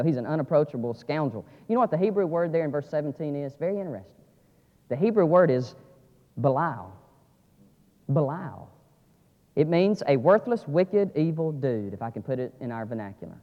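A man preaching a sermon, dropping to quiet asides and rising to loud, emphatic climaxes. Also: animated, fast. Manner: swings from low asides to shouted climaxes. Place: church sanctuary. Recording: lo-fi audio with long church reverb.

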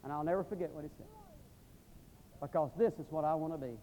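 Man from the US, high voice, emphatic preaching, long hall reverb. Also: fast talker, a little hiss or hum. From United States. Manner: emphatic, swings from loud to hushed. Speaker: visiting missionary preacher. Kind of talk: sermon with storytelling and prayer. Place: seminary chapel.

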